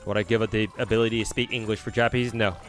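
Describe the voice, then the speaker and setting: A man's voice: fairly low pitch, level tone, very fast, faint music behind. A young man chatting casually as a streamer, answering viewers with lots of fillers and restarts. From United States. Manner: rambling, many fillers and restarts.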